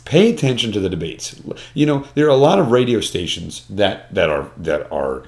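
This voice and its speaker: Male panel guest, lowish voice, earnest and emphatic, repeats words as he restarts, drops quiet now and then. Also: very animated, normal speed. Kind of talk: conversational discussion.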